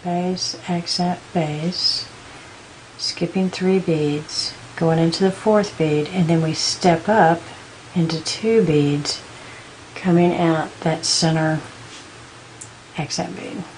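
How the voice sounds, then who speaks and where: A woman giving a patient step-by-step beading tutorial, counting out beads slowly as she works. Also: lowish voice, steady tone, slight background noise, low-quality recording. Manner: patient, counts beads aloud in slow steps. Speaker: beading instructor.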